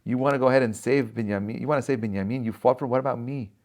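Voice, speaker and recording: A wounded man turns on his brothers and presses them with pleading, reproachful questions, as a man acts him out in a talk. His voice sits at an ordinary middle pitch and does not go far from the speaker's own. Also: very fast, darkish tone, close to an everyday voice.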